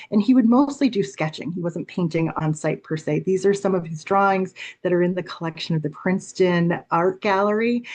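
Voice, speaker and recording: A woman's voice: fairly low pitch, a little mellow. A woman giving a conversational public lecture on art history, explaining paintings with frequent fillers.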